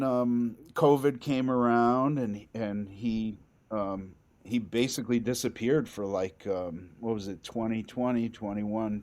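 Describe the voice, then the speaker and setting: A man from New England, a bassist guest, telling stories in a podcast interview in an animated, excitable way with frequent restarts.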